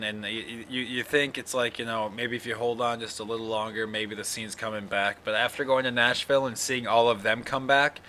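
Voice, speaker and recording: A man's voice: medium pitch, sharp tone, slight background noise. A man hosting his own podcast, talking casually and sleepily in a rambling, profane monologue. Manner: rambling, yawning, profane, full of fillers. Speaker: podcast host.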